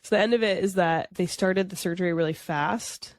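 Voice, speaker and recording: Young adult woman, lowish voice, podcast guest telling her story casually, leans on "like", acts out her own quotes. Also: brisk.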